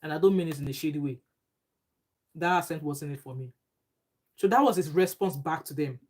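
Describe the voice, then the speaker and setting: A woman's voice: low voice, fairly quick, darkish tone. A Nigerian woman vlogger giving emphatic, indignant casual commentary with pidgin phrases. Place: home abroad.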